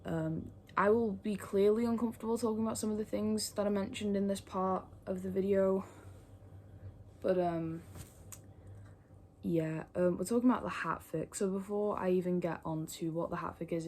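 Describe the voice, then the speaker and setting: The young fandom video creator rambles casually to camera, swearing and using lots of fillers. She speaks with a fairly low pitch and a darkish tone.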